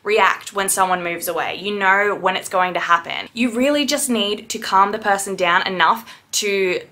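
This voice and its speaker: A woman's voice: mid-range voice, moderate pace, bright, forceful tone. A woman who works as a piercer, giving a blunt, indignant reaction rant and swearing freely. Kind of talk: ranting reaction commentary.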